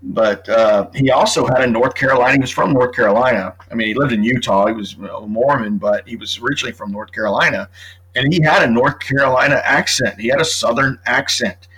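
This middle-aged author, appearing as a true crime guest, talks at a brisk clip in a mid-range voice that's a bit bright and slightly rough. The recording is rough, and the casual podcast chat finds him talkative, laying out his case one point at a time.

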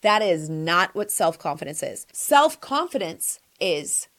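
Sassy, lively-voiced woman podcast host. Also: lowish voice, measured pace. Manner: sassy, emphatic, talks straight to the listener. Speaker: podcast host answering listener questions. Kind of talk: casual advice chat.

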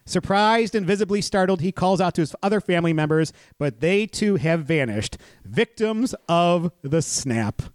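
A man's voice: sits high, animated, moderate pace, few pauses, dry recording. A man hosting a podcast who recaps a movie plot and chats animatedly, laughing easily. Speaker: podcast host. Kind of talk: movie recap and casual chat.

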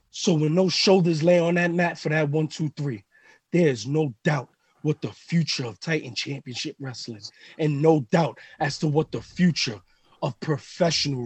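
A man's voice: high-pitched, husky, no echo. A man who wrestles, cutting an intense trash-talking promo on a live podcast. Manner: intense trash talk, rising to shouting.

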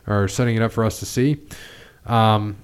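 A man in a relaxed podcast chat, speaking in a slightly low voice. He rambles, restarts sentences and leans on fillers as he recaps events. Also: moderate pace, clean tone. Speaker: podcast host. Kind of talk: casual chat.

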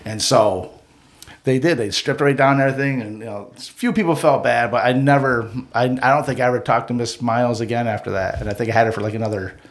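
Animated man telling a casual story. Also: medium pitch, fast talker. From Mohawk community of Akwesasne. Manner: animated, acts out the people in his stories. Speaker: podcast co-host telling a story.

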